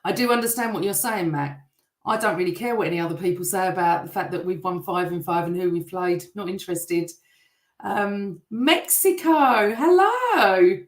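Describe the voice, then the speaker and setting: A middle-aged woman hosting a live football fan show, chatting and reading out viewer comments, her voice a bit rough. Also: mid-range voice, expressive, normal speed. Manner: chatty, warm toward viewers, teasing. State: voice still rough from shouting. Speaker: host. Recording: echoey room.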